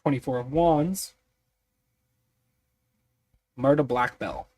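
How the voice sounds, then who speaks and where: Man, sleepy, slow and halting, thinking aloud with lots of fillers while prepping a tabletop game. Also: medium pitch, dark tone, no room sound. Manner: musing, halting, many fillers. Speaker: streamer designing a tabletop mystery.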